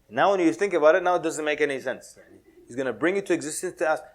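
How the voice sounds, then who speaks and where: A man giving a lively, joking talk to an audience at a mosque, mixing in Arabic words and acting out quotes. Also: on the high side, fast talker, slight background noise. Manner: animated, playful, drops Arabic words, laughs often. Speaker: Muslim speaker giving a talk.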